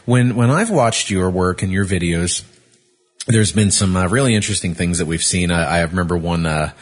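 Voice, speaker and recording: Male interview host, very deep voice, husky, halting with fillers. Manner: halting, filler-heavy, affirming. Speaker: podcast host. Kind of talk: interview hosting.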